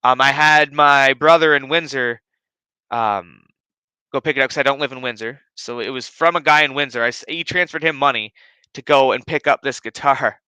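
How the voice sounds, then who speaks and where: A man's voice: mid-range voice, moderate pace, bright, forceful tone, smooth, dry recording, low-quality recording. A man hosting a casual home podcast, telling a rambling, profanity-heavy story full of fillers. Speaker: podcast host. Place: his living room at home. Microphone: streaming setup.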